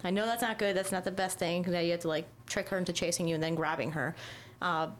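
A woman with a lowish voice chats casually and quickly about her dog, her intonation fairly even over slight background noise. She rambles loosely, leaning hard on "like," dropping lots of fillers and swearing offhandedly.

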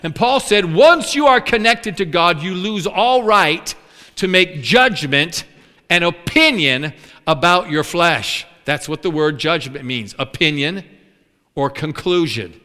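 An animated male preacher with a high, lively voice that swoops up and down. His tone is bright and forceful, and it rings out with a long reverb in a large hall. He acts out complaining voices as he preaches. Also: takes it slowly. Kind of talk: sermon.

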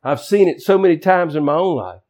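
A man's voice: a little high, expressive, a little fast, a little mellow. A man preaching a sermon as pastor, emphatic and folksy, with casual, colloquial asides.

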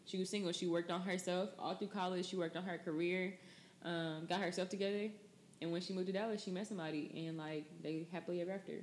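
Young woman podcast host, casual, filler-heavy, lower register. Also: fairly even intonation, fast talker, darkish tone, slight background noise. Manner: loose, chatty, many fillers. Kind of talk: casual chat.

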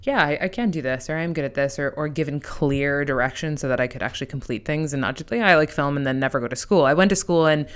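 A woman hosting a podcast, asking curious questions and reacting quickly in casual chat. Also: sits low, clean tone. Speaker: podcast host.

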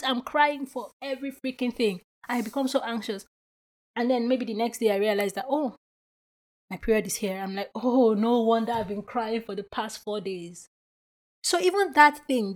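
Woman podcast host, casual solo monologue, reflective and chatty, middle-pitched. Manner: animated storyteller who acts out quoted voices; chatty and reflective with frequent filler words.

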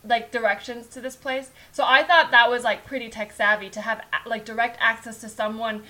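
A woman's voice: a little high, steady tone, a little fast, sharp tone. A woman in casual chat who laughs easily, gasps at the story, and acts out voices in her own anecdotes.

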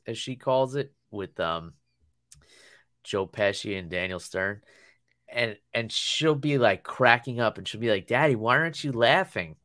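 A man's voice: on the low side, sharp tone, dry recording, studio quality. A man in his thirties chatting casually on a podcast, telling long rambling stories and laughing often. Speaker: podcast co-host. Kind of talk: casual chat.

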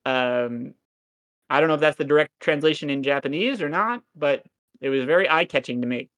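Casting: man in his 30s, slightly high voice, sardonic podcast co-host, rambling and profane. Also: fairly quick, a bit bright. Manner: crude, sardonic, rambling with frequent swearing. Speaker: podcast co-host recapping a cartoon. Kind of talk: casual podcast chat.

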